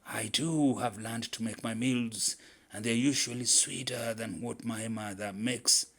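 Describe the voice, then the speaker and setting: A man voicing a gullible, slow-witted male leopard in a told folktale, speaking in a measured, purring way. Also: fairly low pitch, steady tone, fairly bright tone. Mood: ponderous.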